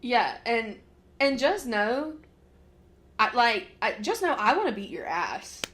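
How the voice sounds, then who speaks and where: A woman chats on a podcast in a fairly high voice. She rambles casually, leaning on "like" and breaking into laughs. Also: big pitch swings, takes it slowly, a bit bright. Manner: chatty, laughs often, lots of "like". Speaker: podcast co-host. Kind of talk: casual chat.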